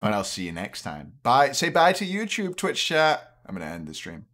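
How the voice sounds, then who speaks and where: A man's voice: mid-range voice, huge pitch swings, moderate pace, a bit bright. A young man chatting casually on a late-night stream, a little tipsy, rambling and restarting his sentences. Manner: rambling, trails off, frequent restarts. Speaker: streamer and caster.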